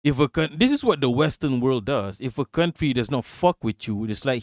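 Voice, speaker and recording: A man's voice: medium pitch, moderate pace, hardly any pauses, no room sound, clean studio sound. Man ranting profanely on a live stream. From Southeast Asia. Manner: profane, mocking, animated ranting with laughs. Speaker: live-stream political commentator. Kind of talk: heated live-stream rant.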